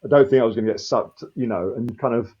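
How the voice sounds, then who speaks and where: A man's voice: mid-range voice, quick pace, dull audio, noisy background. Rambling man in his fifties telling a story. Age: 50s. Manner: rambling, animated, swears freely. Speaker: street performer guest. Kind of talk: casual storytelling.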